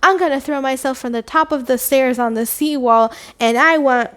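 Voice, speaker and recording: A woman's voice: high-pitched, normal speed, fairly bright tone, clear, resonant tone, voice pushed up. A woman voicing a reckless, giddy young woman while retelling a novel's plot.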